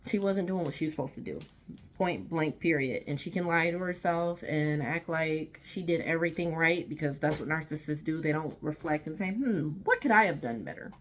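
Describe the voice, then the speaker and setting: A woman vlogger telling a storytime rant to camera, emphatic and indignant, often repeating herself. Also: sits low.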